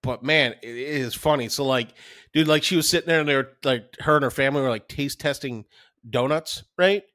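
A man co-hosting a podcast in casual chat, excitable and swearing constantly. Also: medium pitch, brisk, no room sound, clean studio sound. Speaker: podcast co-host.

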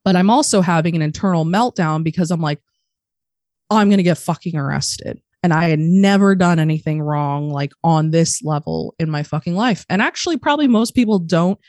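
A young adult woman on a podcast, candidly telling a personal story in a profane, animated way and acting out the voices of the people in it. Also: on the low side, fairly quick, few pauses, dry recording, studio quality. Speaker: podcast guest.

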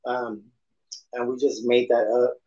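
A man's voice: medium pitch, level tone, a little slow, warm tone. A man with a lisp, hosting a podcast in a casual, rambling monologue that is full of restarts and swearing. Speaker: podcast host. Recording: dull lo-fi podcast audio.

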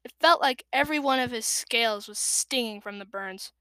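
A woman reading a children's novel aloud with lively, expressive narration. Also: on the high side, moderate pace, clear, resonant tone, dry recording. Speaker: reader.

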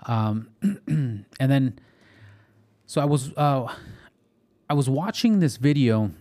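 A man's voice: mid-range voice, expressive, takes it slowly, warm tone. Man, podcast host, loose conversational delivery, reads articles aloud with slips. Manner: chatty, reads articles aloud and stumbles on words. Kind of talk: casual podcast monologue.

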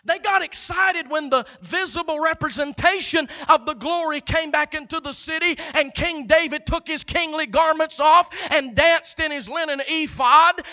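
High, bright-voiced shouting preacher. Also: male voice, vocal fry, lo-fi sound. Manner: rhythmic preaching that swells to shouts. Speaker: pastor. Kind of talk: sermon.

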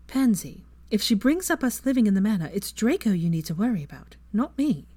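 A woman's voice: medium pitch, big pitch swings, brisk, warm tone, breathy edge, no echo, voice pushed up. A woman voicing a clever, stubborn young witch with a dry, wry way of talking, in a fan fiction reading.

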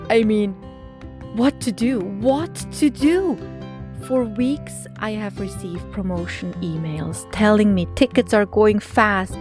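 A middle-aged woman hosting a podcast, telling a personal story expressively, laughing often and dropping to hushed whispers. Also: medium pitch. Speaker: podcast host.

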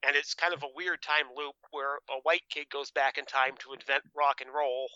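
A man's voice: medium pitch, fairly even intonation, normal speed, pushed and bright, clear, resonant tone, no echo, dull audio. A man from Texas on a podcast panel, making his points with dry, wry humor. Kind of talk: casual podcast chat.

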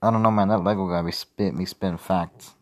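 A man's voice: low voice, fairly even intonation, brisk. A young man rambling casually and profanely on a livestream, with mumbled asides. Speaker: streamer.

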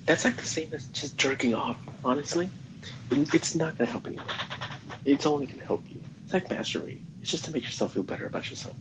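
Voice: medium pitch, fast. A student in their late teens chatting casually, blunt and opinionated, often stumbling and restarting words. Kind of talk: casual chat. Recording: noisy background.

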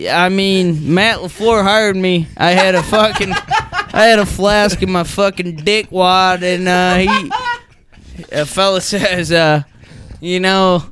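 A man's voice: sits high, fairly bright tone, a little hiss or hum. A man playing a drunk, crude football coach who rambles and swears heavily at a mock press conference. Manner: rambling, stumbling, heavy swearing. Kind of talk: improvised comedy sketch.

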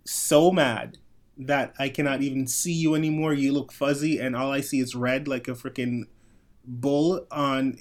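A man co-hosting a podcast, talking casually and softly, telling stories and acting out what people said. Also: mid-range voice, fairly even intonation, unhurried. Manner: soft-spoken, storytelling with acted-out quotes. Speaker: podcast co-host.

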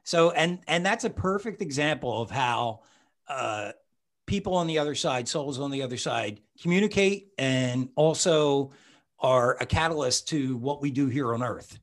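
A man's voice: mid-range voice, lively intonation, normal speed. A man hosting a podcast in casual conversation with a guest. He talks in a rambling, chatty way and often restarts his sentences. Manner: rambling, self-correcting, chatty. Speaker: podcast host and psychic medium.

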